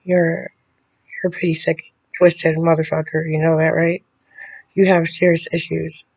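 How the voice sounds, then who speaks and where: A woman speaking straight to the camera in a video letter, bitter and confrontational, often halting and restarting her sentences. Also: sits low, level tone, creaky, darkish tone. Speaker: vlogger addressing a public figure.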